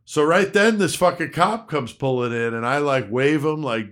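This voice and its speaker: A man's voice: mid-range voice, moderate pace, hardly any pauses. Profane storyteller, a man acting out every line he quotes. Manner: profane, animated, acts out quotes. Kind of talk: casual storytelling.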